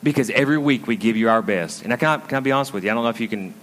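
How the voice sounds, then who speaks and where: Male pastor, mid-pitched, casual storytelling sermon, long hall reverb. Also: racing, fairly bright tone. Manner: storytelling, draws the congregation in with frequent asides. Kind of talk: conversational sermon. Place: school auditorium used as a church.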